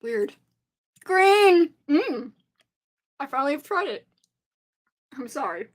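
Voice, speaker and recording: Young woman streamer, high bright voice, chatty and excitable, reads comments out loud. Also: takes it slowly. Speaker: live stream host. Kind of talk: casual live stream chat.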